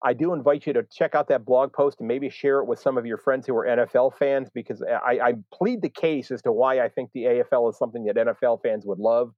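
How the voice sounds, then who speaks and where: American guy rambling on his live podcast, mid pitch, lots of ums. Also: fast talker, few pauses, dry recording, highs cut off. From United States. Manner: rambling, many fillers and restarts. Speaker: podcast host.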